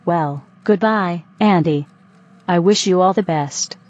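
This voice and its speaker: An actress playing a female robot who speaks in a flat, formal, stilted way. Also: lowish voice, slow, dull audio. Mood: stiff. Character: stiff female robot leaving her partner.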